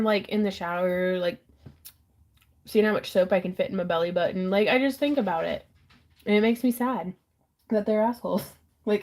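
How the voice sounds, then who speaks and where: A woman's voice: fairly high pitch, a little mellow. Giggly woman hosting a live auction. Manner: giggly, self-deprecating, chatty. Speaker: host of a live jewelry auction stream. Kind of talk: casual live-stream chat.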